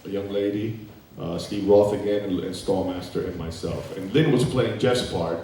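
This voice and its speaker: A man's voice: low-pitched, fairly even intonation, normal speed, mellow. A man in his fifties, a guest actor telling anecdotes on a festival panel, acting out quoted lines and laughing often. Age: 50s. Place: festival event hall. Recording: echoey hall from far off, faint noise.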